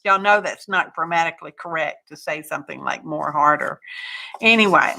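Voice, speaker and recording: Folksy woman, craft livestream host, bright and chatty. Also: sits low, moderate pace, creaky. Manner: chatty and folksy, greets viewers by name, says y'all. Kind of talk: casual live craft chat.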